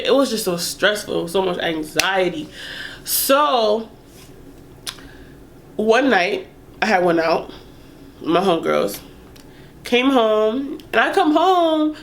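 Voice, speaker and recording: A young woman vlogger telling a casual story in an animated, profane way, laughing as she goes. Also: medium pitch.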